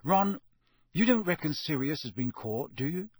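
A man's voice: fairly high pitch, lively intonation, normal speed, breathy edge, dry recording, clean studio sound. A man doing a worried teenage boy.

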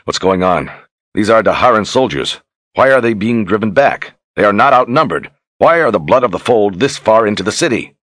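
A man's voice: low voice, animated, normal speed, a bit bright, breathy edge, no echo, studio quality, heavily acted. A man voicing a burdened young warrior leader who speaks in earnest, subdued tones. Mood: firm, demanding.

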